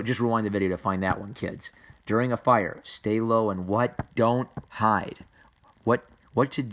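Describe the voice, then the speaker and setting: A man's voice: on the low side, a bit bright. A man hosting a comedy video, reading a safety comic aloud in a mock-earnest way, sometimes putting on silly voices.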